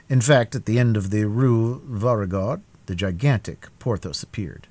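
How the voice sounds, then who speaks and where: Male narrator, cold read, low and husky, very animated pitch. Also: moderate pace, few pauses. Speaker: audiobook narrator. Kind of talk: live-streamed cold read of a classic novel.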